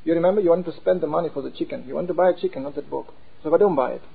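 Man playing a sly inner voice of reason, low and quiet, husky, tinny line. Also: very fast, exaggerated voice. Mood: scheming. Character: calculating, stingy male intelligence. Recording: tinny phone-like sound.

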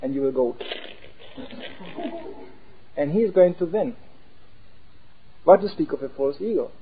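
A man giving an animated talk as a preacher, acting out voices as he explains. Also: a little high, measured pace, slight background noise. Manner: animated, acts out inner voices. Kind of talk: sermon-style talk. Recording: tinny phone-like sound.

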